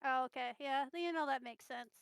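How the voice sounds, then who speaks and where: High-pitched woman player, blunt, swears a lot, dry close sound. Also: brisk, vocal fry, a bit bright, no echo. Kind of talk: casual game chat.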